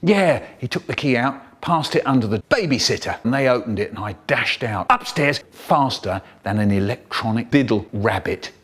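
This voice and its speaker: Animated man telling a comic story. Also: medium pitch, moderate pace, slightly rough. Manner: animated, playful, voices the characters. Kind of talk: comic story reading, edited into a remix.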